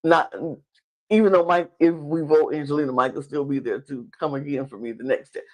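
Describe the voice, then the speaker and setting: A woman recapping a reality show in casual talk. She is animated, laughs often, and acts out other people's lines with big jumps in pitch. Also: fast talker. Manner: laughs often while talking. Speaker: podcast guest.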